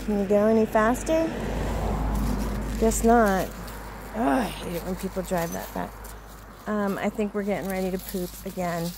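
A woman's voice: mid-range voice, normal speed, creaky, long pauses, background noise. A woman chatting casually on a neighborhood street while walking her dogs, cooing at them and laughing often. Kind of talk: casual chat.

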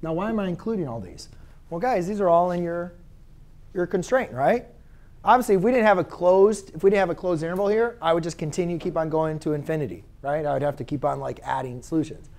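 A man's voice: on the high side, fast, a little mellow. A man teaching a math class in a conversational way. He asks his students questions and corrects his own slips as he goes. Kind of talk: classroom lecture.

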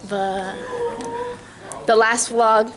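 A woman's voice: fairly high pitch, fairly even intonation, drawn-out words, very noisy. A teenage girl vlogging her last day of school, talking casually with lots of fillers. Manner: laid-back, filler-heavy talk. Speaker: vlogger, graduating senior. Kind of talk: casual vlog chat. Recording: loud crowd chatter behind. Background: loud student crowd.

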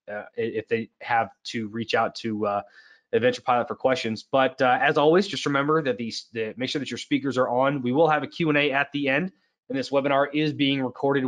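A man's voice: medium pitch, a bit bright. A man hosting an online product webinar, talking casually with lots of fillers and restarts. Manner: chatty, many fillers and restarts. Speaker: webinar host. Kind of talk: casual presentation.

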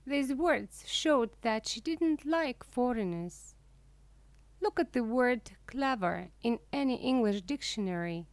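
Female reader for a learner audiobook: slightly high voice, very measured pace, clear articulation. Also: expressive, no echo. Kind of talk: slow scripted reading for language learners.

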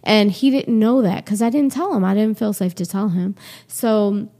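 A woman in her forties, a guest on an interview show, telling a personal story in an animated way and acting out what people said. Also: medium pitch, moderate pace. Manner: animated, acts out quoted dialogue.

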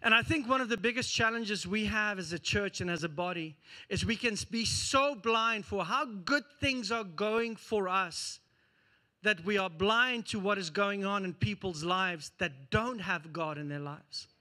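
A man preaching a sermon as pastor, telling a story with lively acted-out scenes. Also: high voice, unhurried. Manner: animated storytelling, acting out scenes.

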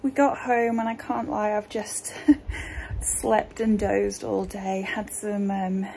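Chatty woman with vocal fry. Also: mid-range voice, flat delivery, slow, mellow, slight background noise, low-quality recording. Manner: chatty, rambling, lots of fillers. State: tired, a bit out of breath. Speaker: vlogger. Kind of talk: casual chat to camera. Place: indoors, small room.

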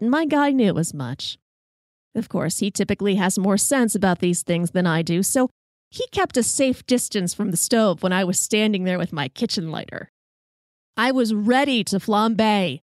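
A woman's voice: mid-range voice, no room sound. Woman host spinning a comic kitchen tale, self-mocking and wry, dry close mic. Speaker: podcast host. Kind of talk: comic personal storytelling.

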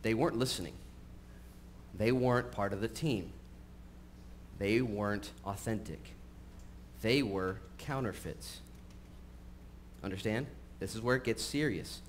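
A pastor giving a sermon at a church service, moving from casual, joking asides to earnest points. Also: male voice, on the low side, unhurried, pauses often. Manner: conversational and humorous, shifting into earnest emphasis. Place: church service, recorded live. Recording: faint background noise from a live stream.

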